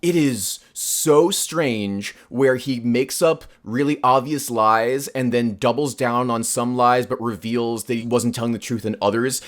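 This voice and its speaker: A man in his own easy, chatty voice, co-hosting a film podcast. He sits at a middle pitch and talks with dry amusement, leaning on fillers as he recaps scenes. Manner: chatty, wry, full of "like" fillers. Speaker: podcast co-host. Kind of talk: casual film discussion.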